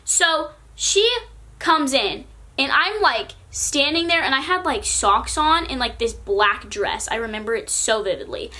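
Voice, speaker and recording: A teenage girl from California tells a story to her vlog camera, casual and chatty. Her voice is bright and sits a little high, and she leans on "like" in nearly every sentence. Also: expressive, unhurried. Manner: chatty, peppers speech with "like". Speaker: vlogger.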